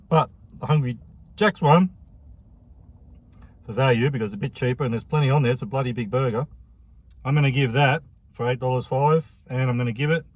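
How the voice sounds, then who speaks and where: An Australian man with a mid-range voice chats his way through a burger review. He rambles and drops casual slang as he goes. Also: mid-range voice. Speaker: food reviewer. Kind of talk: casual food review vlog.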